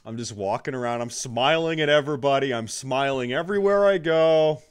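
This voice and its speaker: A young man reacting to a video as a streamer, gloating and swearing, swinging between muttered asides and loud angry outbursts. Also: mid-range voice, fairly quick, clean tone. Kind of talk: casual reaction commentary.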